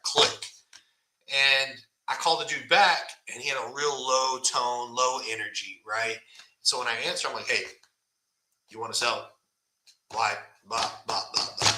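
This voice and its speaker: A man's voice: mid-range voice, sharp tone, roomy sound, poor audio. A man hosting a casual live stream, talking bluntly and often tagging "right?" onto his points. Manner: blunt, conversational, fillers like "right?".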